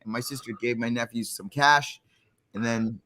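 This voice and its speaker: A man co-hosting a podcast, telling a rambling story in casual chat with animated bursts and casual swearing. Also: mid-range voice, moderate pace. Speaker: podcast co-host.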